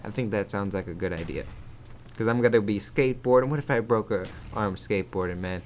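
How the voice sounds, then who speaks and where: A man's voice: on the low side, brisk, a little hiss or hum. A young man rambling casually as he tells a story over his gameplay video, with lots of restarts and casual swearing. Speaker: gaming YouTuber.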